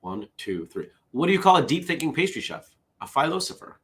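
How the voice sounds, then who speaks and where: A man's voice: mid-range voice, sing-song, fairly quick. A man hosting a casual solo morning show. He rambles, interrupts himself, and drifts into side stories between the jokes he reads aloud.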